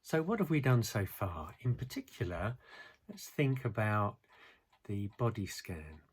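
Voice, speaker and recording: Male mindfulness teacher, low husky voice, calm and measured delivery. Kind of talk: guided mindfulness lesson.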